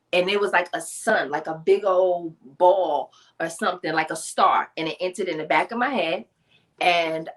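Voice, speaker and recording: A woman telling her personal testimony in an animated storytelling style, acting out voices and laughing often. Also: lowish voice. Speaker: guest, motivational speaker.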